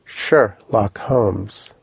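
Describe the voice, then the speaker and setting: Male language tutor for an audio course: low, slightly husky, animated explainer, dry studio. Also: drawn-out words, no echo. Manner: lively, vivid storytelling with instructions. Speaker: language teacher.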